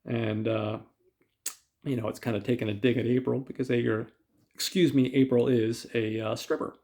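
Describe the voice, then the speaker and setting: A man's voice: medium pitch, little pitch movement, moderate pace, warm tone. A man hosting a podcast, casually retelling a film's plot with lots of fillers and quoted lines. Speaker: podcast host. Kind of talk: casual film recap.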